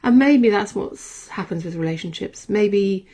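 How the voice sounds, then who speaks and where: A woman's voice: medium pitch, normal speed, dark tone, breathy edge. A woman hosting a podcast and musing in a rambling, reflective monologue that keeps correcting itself. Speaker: podcast host.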